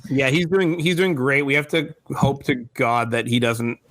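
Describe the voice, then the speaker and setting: Bright-voiced man hosting a podcast. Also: medium pitch, moderate pace, no room sound. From Montreal area, Canada. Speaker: podcast co-host. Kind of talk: casual chat.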